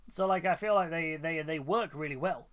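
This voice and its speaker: A man's voice: fairly high pitch, moderate pace, fairly bright tone. A man hosting a livestream, chatting casually and enthusiastically about painted miniatures, rambling with fillers and restarts. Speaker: livestream host. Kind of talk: casual chat reacting to viewers' miniatures.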